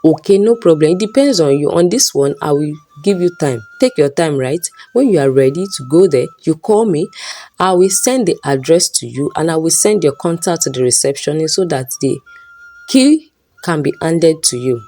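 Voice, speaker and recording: A woman's voice: low-pitched, animated, moderate pace, mellow, faint music behind. A woman voicing a scheming middle-aged male lecturer who talks smugly and turns to stammering. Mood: pleased. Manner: smug, then panicky and stammering.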